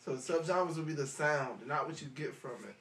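A man's voice: on the high side, normal speed, a bit bright, slight background noise. A man co-hosting a casual podcast, firmly insisting on his point in a friendly argument. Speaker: podcast co-host. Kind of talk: casual debate.

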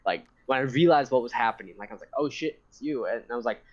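A young man telling a long story in casual chat, rambling and animated, swearing and laughing often. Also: medium pitch, fast talker. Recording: dull lo-fi sound.

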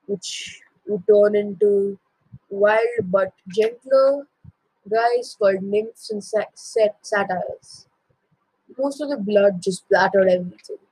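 A teenage boy retells an old myth at an unhurried pace, breaking off for jokes and correcting himself. His voice is light, high and breathy, and the recording is dry and close. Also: no echo, poor audio. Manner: jokey asides, self-corrections. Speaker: storyteller.

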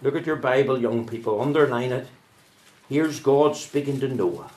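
Fervent preacher. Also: male voice, moderate pace. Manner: swings from loud fervent preaching to low hushed asides. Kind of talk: sermon.

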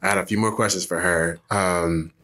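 A man's voice: sits low, steady tone, normal speed, bright, forceful tone. A man hosting a casual interview, asking questions in an easygoing way and addressing his listeners directly. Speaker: podcast host.

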